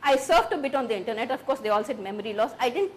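An earnest woman with a fairly high voice recounts caring for her mother with dementia. She often slips into the voices of the people around her, and a faint hiss sits under the recording. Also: racing. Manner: earnest, quotes others in lively voices. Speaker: caregiver speaking on a recorded clip. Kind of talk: personal story of caregiving.

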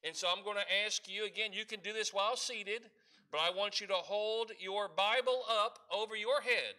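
Pastor guy preaching, high bright voice, leads the church in call and response. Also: moderate pace. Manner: leads the congregation in call-and-response, reads scripture aloud. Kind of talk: sermon.

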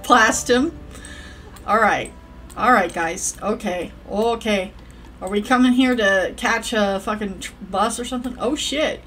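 A young woman giving casual, profane commentary while playing a life-sim game, yelling at the characters and rambling. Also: on the high side, unhurried, a little hiss or hum. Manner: rambling, self-interrupting.

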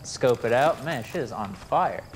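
A man's voice: mid-range voice, expressive, unhurried, noisy background. A young man from Georgia with a light Southern accent, chatting casually and swearing freely while commenting on a video game. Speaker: let's play host. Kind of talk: gameplay commentary. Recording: loud game sound behind.

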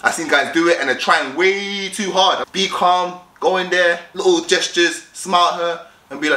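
A man talks straight at the viewer, giving dating advice in a casual vlog. His voice is bright and sits somewhat high, and he keeps hammering the same points home. The room around him is echoey. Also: moderate pace. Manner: direct, repetitive, acts out both sides of chats. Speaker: vlogger giving dating tips.

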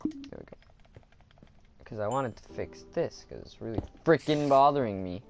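A man's voice: medium pitch, animated, moderate pace, creaky, a little mellow, slight background noise. A man giving casual commentary while playing a game, chatting to viewers and groaning at his own mistakes. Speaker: gaming video host. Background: background music.

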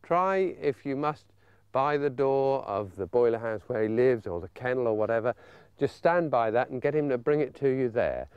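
An older English man with a genial, chatty manner, explaining dog training and coaxing a pup in a high sing-song. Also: expressive, normal speed, smooth, no room sound, dull audio. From England. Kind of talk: outdoor training demonstration.

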